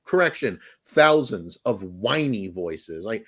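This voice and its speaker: A man's voice: mid-range voice, animated, moderate pace. A young man co-hosting a sports podcast, opinionated and sarcastic, laughing mid-sentence. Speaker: podcast co-host. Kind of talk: casual sports podcast chat.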